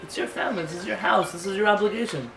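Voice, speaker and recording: Music plays in the background as the rabbi races through his informal class in a high, creaky voice. He is emphatic and conversational, tossing out rhetorical questions, and the distant mic yields a roomy recording with faint noise.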